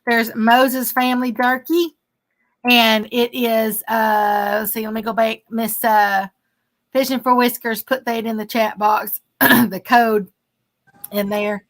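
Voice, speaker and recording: A woman, a bit hoarse, hosting a casual livestream and chatting along with many fillers as she thanks viewers. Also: on the high side, level tone, slow. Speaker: livestream host.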